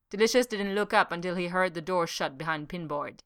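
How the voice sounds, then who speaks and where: Female story reader, lowish voice, bright and forceful, expressive delivery. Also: brisk, few pauses, dry recording, clean studio sound. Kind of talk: story read aloud.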